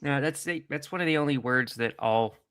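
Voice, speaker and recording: A man's voice: mid-range voice, brisk, a bit bright, smooth. A man co-hosting a podcast, telling easygoing anecdotes with frequent chuckles. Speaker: podcast co-host. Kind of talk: casual chat, storytelling.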